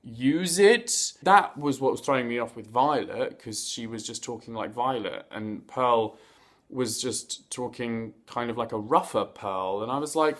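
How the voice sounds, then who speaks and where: A man hosting a casual review vlog. He talks in a chatty, playful way with campy slang and asides, and he stumbles over words now and then. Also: mid-range voice. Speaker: host of a reality TV review vlog.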